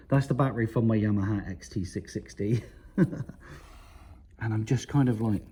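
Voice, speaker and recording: A middle-aged man with a low, very mellow and husky voice talks through a bike restoration in his workshop. His tone is casual and wry, with self-deprecating humour. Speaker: motorcycle mechanic and video maker.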